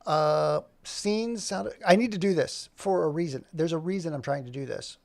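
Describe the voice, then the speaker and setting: A man with a fairly high, gravelly voice chats on a live stream, rambling and thinking aloud as he clicks through his software. His tone is jokey and self-mocking, and the sound is close and dry. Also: moderate pace, no echo. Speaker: animator streaming his work. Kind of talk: casual live-stream chat.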